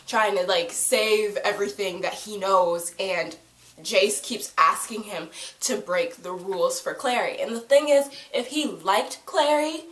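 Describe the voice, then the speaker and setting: Excitable woman fan reviewing a TV show; casual, swears freely, recorded in an echoey room. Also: medium pitch, unhurried. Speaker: TV episode reviewer.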